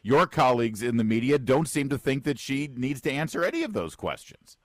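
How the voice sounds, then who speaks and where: A middle-aged man hosting talk radio in a brisk, punchy, sarcastic way. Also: medium pitch, sing-song, dry recording, clean studio sound. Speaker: radio talk show host.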